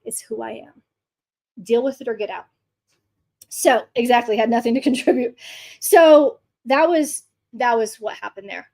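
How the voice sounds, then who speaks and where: High-voiced, blunt, profane woman host. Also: moderate pace, darkish tone. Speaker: podcast host. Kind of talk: fired-up monologue.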